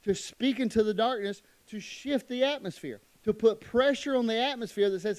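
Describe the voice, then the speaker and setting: A middle-aged man preaching a church sermon, emphatic, moving between loud declarations and quiet asides. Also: sits high, moderate pace, few pauses, no echo. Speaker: pastor.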